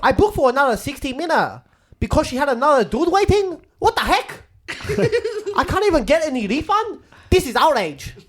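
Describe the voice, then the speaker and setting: A man's voice: extremely high pitch, very animated, moderate pace, pitched above the performer's own voice. A man voicing an indignant male customer who complains in broken English about a refund.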